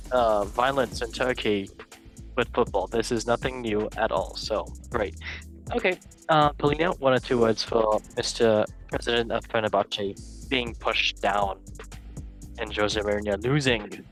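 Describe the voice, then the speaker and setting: A man's voice: mid-range voice, a bit bright. A man hosting a casual football news chat, reading headlines with jokey asides and stumbles. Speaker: show host.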